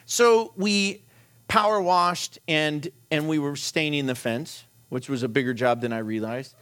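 A middle-aged man preaching, telling a humorous personal story in an animated, self-deprecating way and laughing as he goes. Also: fairly high pitch, measured pace, smooth.

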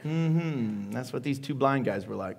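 A man preaching a sermon as pastor, animated and joking, asking the congregation questions. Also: mid-range voice, brisk, gravelly, breathy edge.

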